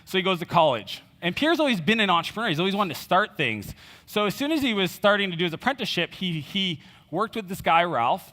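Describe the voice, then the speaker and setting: A man's voice: fairly high pitch, pushed and bright. A man giving a conference keynote, telling a personal story in a conversational way, with fillers and quoted dialogue. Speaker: conference speaker. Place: conference stage in a large hall. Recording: reverberant hall.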